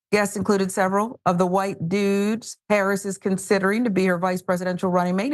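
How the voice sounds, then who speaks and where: A woman's voice: on the low side, gravelly, no echo, studio quality. A woman co-hosting a news show, reading reports and throwing in wry joking asides.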